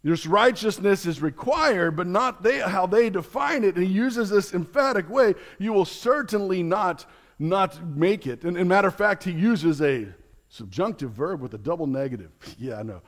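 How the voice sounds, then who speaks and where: A man's voice: high-pitched, animated, normal speed, fairly bright tone. A man, a pastor, preaching a sermon in an earnest, explanatory teaching manner with light chuckles.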